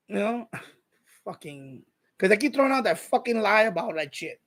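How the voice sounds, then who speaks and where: A man's voice: sits high, quick pace. A man, hosting a live stream, ranting bluntly and combatively with lots of swearing. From New York. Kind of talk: casual ranting monologue.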